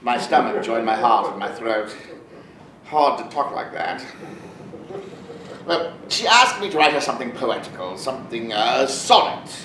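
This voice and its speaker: An actor playing a wistful, lovestruck 52-year-old playwright in a one-man stage monologue, reminiscing with animated storytelling. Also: medium pitch, measured pace, long pauses. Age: 50s. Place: theater stage. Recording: roomy stage sound from a far camera with faint noise.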